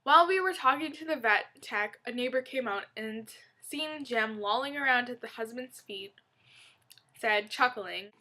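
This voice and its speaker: A woman's voice: on the high side, moderate pace, pushed and bright. A woman reading a humorous blog post aloud in a playful, loosely acted way. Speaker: reader.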